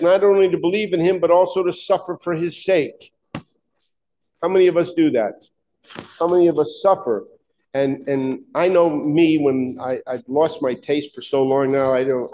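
High-voiced man preaching a sermon. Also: darkish tone. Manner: emphatic, conversational, full of rhetorical questions.

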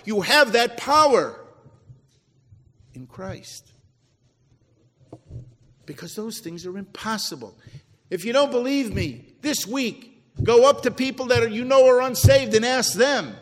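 A man preaching a sermon as pastor, swinging between emphatic peaks and low, quiet drops. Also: big-room sound. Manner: preachy, rising to emphatic then dropping low. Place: church sanctuary.

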